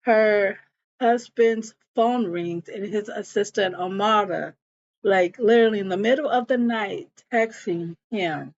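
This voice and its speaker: Give me a woman recapping a show in a relaxed, slangy way, slowly, on a dull lo-fi recording. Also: medium pitch. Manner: chatty and slangy, full of "like". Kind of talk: casual episode recap.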